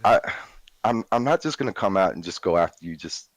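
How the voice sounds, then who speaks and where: Low-voiced man explaining himself. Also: animated, a little fast, no room sound, low-quality recording. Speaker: call-in guest. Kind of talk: casual call.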